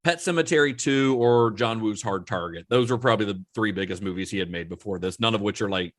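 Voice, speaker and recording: A man's voice: lowish voice, fast, dry recording, studio quality. A man hosting a podcast, telling a film story in a casual, rambling way with many fillers and laughs. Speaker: podcast host.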